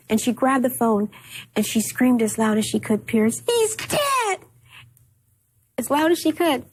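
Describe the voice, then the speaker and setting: Husky-voiced woman recalling painful memories. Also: fairly high pitch, a little mellow, low-quality recording. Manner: halting, repeats words when upset. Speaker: interview guest. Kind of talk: emotional personal recollection.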